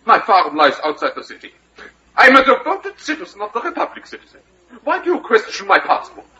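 An indignant, defiant traveller. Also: male voice, high-pitched, huge pitch swings, a little fast, bright, forceful tone, lo-fi sound, a little hiss or hum, heavily acted. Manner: defiant, protesting. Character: indignant traveller claiming citizenship, man. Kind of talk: 1930s radio drama acting.

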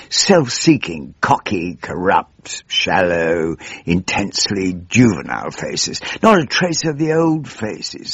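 A fed-up old english mp, plummy drawl, lowish voice, slow and swooping, dull lo-fi radio sound. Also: male voice, vocal fry, breathy edge, no echo, full character voice. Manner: world-weary, exasperated and sardonic. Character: weary elderly male backbench politician, disillusioned. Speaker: radio comedy monologue performer. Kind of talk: scripted comic radio monologue.

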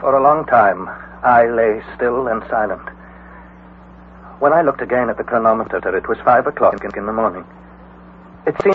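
An actor playing an excitable young male explorer who also narrates the story, measured in narration and alarmed in the scenes. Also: mid-range voice, natural voice. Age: young adult. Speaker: narrator and nephew. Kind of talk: 1940s radio acting. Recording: tinny old radio broadcast, faint hiss.

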